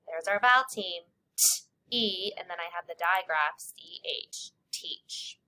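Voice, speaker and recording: A woman teacher leading young children through a spelling lesson, sounding out letters and sounds slowly and clearly. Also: fairly low pitch, bright, forceful tone.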